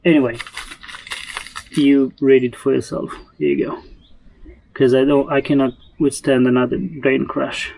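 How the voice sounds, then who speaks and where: A man's voice: mid-range voice, fairly even intonation, unhurried, creaky, pauses often, mellow, poor audio. A man talking casually while sowing seeds in his garden, chatty and self-mocking, rambling as he goes. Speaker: homesteader vlogger.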